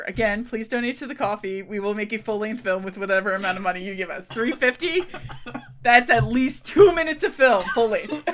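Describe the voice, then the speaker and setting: Brief: young woman co-host, high and lively voice, exasperated laughing rants. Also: a little hiss or hum. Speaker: podcast co-host. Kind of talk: casual movie-recap chat.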